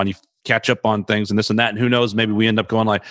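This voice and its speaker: A man's voice: fairly low pitch, level tone, fast, a bit bright, no room sound, studio quality. A man hosting a podcast, chatting casually in a rambling, loose way. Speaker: podcast host. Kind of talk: casual chat.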